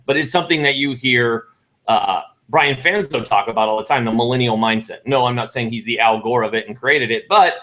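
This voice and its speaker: A middle-aged man co-hosting a casual talk show, with a bright, forceful tone. He rambles and restarts his sentences, piling on asides as he goes. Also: mid-range voice, a little fast. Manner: rambling, restarts and self-corrections. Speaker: podcast co-host. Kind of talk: casual chat.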